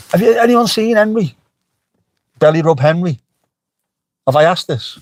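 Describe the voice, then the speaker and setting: A man's voice: high voice, expressive, moderate pace, long pauses, no room sound. A middle-aged man chatting casually on a livestream, joking and swearing freely as he answers the chat. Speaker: livestream host. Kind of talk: casual live-stream chat.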